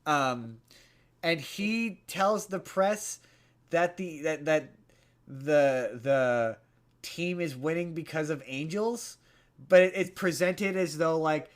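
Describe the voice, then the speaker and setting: A man on a podcast rambles through a movie recap in casual chat, stumbling over restarts and repeated words. His voice sits a little high for a man. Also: takes it slowly. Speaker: podcast host.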